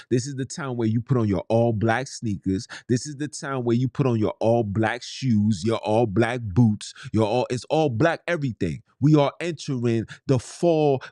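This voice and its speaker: A man's voice: mid-range voice, warm tone, no room sound, clean studio sound. A man, hosting a podcast in a blunt, heated, slangy monologue. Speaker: podcast host. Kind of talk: ranting monologue.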